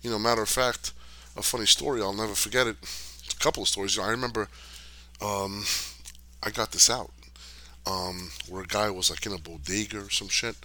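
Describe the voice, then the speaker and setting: A man's voice: on the low side, fairly even intonation, brisk, sharp tone. A middle-aged man hosting a podcast, chatting casually and answering viewer questions in a loose, streetwise way, with lots of fillers and cursing. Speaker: podcast host. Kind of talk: casual rambling chat, reading viewer questions.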